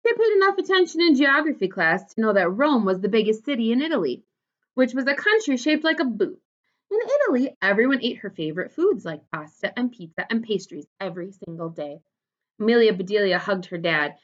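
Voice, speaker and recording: A woman teacher reading a storybook aloud to second graders with expressive storytelling. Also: fairly high pitch, brisk. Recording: dull lo-fi recording.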